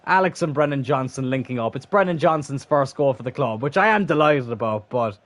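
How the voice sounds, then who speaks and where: A young man commentating his own football video game match as a streamer, swinging from calm remarks to frustrated, swearing outbursts. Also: medium pitch, a little fast, few pauses. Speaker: gaming streamer. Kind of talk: live gameplay commentary.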